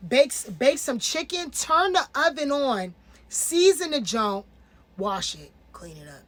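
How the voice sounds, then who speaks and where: A woman in her twenties giving casual, animated commentary as a reality TV reviewer, slangy and emphatic. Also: sits high, a little slow. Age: 20s.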